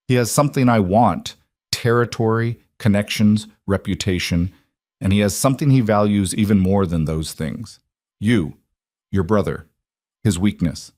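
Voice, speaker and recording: A man's voice: lowish voice, no echo, studio quality, lightly acted. A man reading as a cold older crime boss. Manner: calm, measured threats. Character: older male crime boss, coldly amused and menacing.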